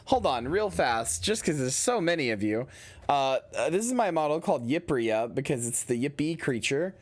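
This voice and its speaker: A man's voice: a little high, big pitch swings, moderate pace. Tired, rambling male streamer. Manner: rambling, stumbling restarts, playful. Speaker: livestreamer. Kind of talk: casual gameplay commentary.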